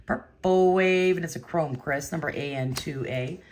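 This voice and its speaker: A woman hosting a card break, chatting casually and rambling between pulls, with excited outbursts. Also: low voice, moderate pace, slight background noise. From California. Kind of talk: casual live-stream chat while opening cards.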